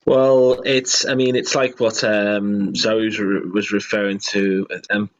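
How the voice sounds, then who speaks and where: A man's voice: fairly low pitch, level tone, unhurried, muffled recording. A man on a video call, a songwriting guest, talking hesitantly and poking fun at himself. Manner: self-deprecating, hesitant. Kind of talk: casual chat.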